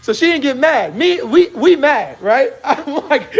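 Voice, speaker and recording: A man in his thirties hosting a casual chat, telling an animated story and acting out the dialogue he quotes. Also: very high-pitched, unhurried. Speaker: host. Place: barbershop.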